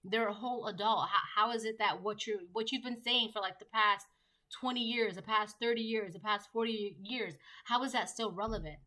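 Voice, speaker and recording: A woman's voice: mid-range voice, steady tone, normal speed, pushed and bright, rough recording. A woman giving a collective tarot reading, talking emphatically and piling up repeated rhetorical questions. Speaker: tarot reader.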